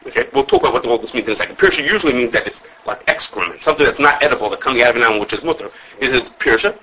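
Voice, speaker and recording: A man teaching an informal religious law class, talking fast with lots of restarts and acting out the sources he quotes. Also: mid-range voice, pushed and bright, poor audio. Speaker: Torah teacher.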